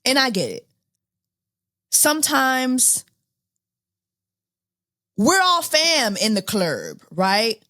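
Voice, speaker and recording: A woman in her thirties hosts a casual commentary podcast, voice swooping up and down as she reacts in disbelief. She talks at an unhurried, drawn-out pace, often laughing and repeating herself. The sound is dry and close. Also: on the high side, wildly swooping pitch, pushed and bright, dry recording. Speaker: podcast host.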